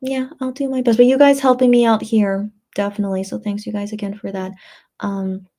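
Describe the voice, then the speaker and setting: A tired, slightly tipsy woman hosts a late-night stream, reading chat messages aloud and answering in a rambling, filler-heavy way with frequent restarts. Her mid-range voice is mellow, her delivery flat and fairly quick.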